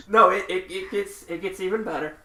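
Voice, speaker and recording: A man hosting a podcast, telling road stories in a lively way and acting out the people in them. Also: high voice, normal speed. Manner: animated, laughing raconteur who acts out the people in his stories. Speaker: podcast host. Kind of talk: casual storytelling chat. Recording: echoey room.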